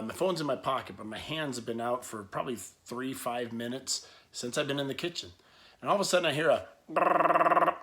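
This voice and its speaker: A man's voice: medium pitch, a bit bright. A man telling a rambling personal story to camera, full of restarts, asides and laughs. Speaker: vlogger.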